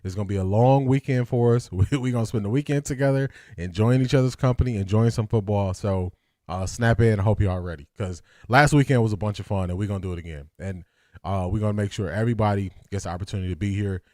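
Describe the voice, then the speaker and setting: A man hosting a casual live sports stream, greeting chat by name and repeating his points, his voice still rough from the morning. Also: lowish voice, fast, dry recording, clean studio sound. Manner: relaxed, talks straight to chat, repeats lines for emphasis.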